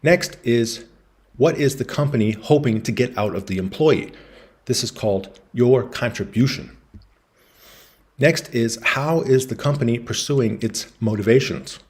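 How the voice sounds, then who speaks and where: A man explaining business concepts in a relaxed lecture, talking through slides and acting out quoted voices in his anecdotes. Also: medium pitch, unhurried. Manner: casual storytelling, acts out quoted voices.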